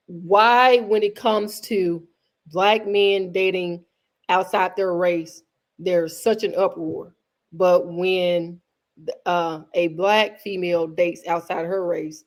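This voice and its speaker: A woman hosting a casual conversation, speaking earnestly and restarting her sentences often as she works through her points. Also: mid-range voice. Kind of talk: casual chat.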